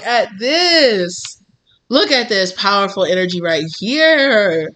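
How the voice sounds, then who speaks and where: A woman gives a relaxed tarot reading straight to her viewers, sounding encouraging and chatty. Her voice is bright and clear in the middle of its range, and she talks in loose, reassuring bursts with plenty of fillers. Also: medium pitch, slow pace. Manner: encouraging, calls listener babes, many fillers. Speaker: tarot reader.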